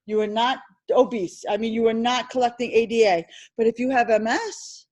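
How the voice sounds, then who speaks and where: A woman teaching an insurance licensing class, drilling terms over and over and firing questions at her students. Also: a little high. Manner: animated, repetitive drilling with quick questions to students. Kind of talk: classroom exam-prep lecture.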